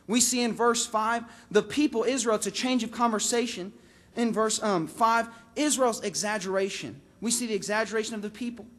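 Man, sermon, very high pitch, emphatic peaks and low drops, repetitive phrasing. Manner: impassioned, rises to emphatic peaks then drops low on key words; repeats and restarts phrases for emphasis. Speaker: preacher.

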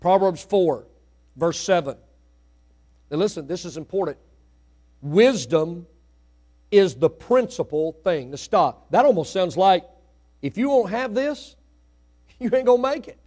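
A middle-aged man preaching a sermon in church, swinging from hushed asides to loud, rising exhortation. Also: sits high, lively intonation, unhurried, pauses often. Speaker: pastor. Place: church sanctuary.

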